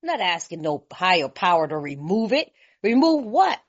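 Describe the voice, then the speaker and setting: A woman from California speaking at a recovery meeting, telling her story in a lively, colloquial way and laughing often. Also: lowish voice, fairly quick. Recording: slightly muffled lo-fi recording.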